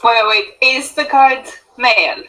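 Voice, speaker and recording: Woman player, slow-paced, hesitant, thinking aloud. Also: on the high side, pushed and bright, low-quality recording. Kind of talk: casual tabletop play.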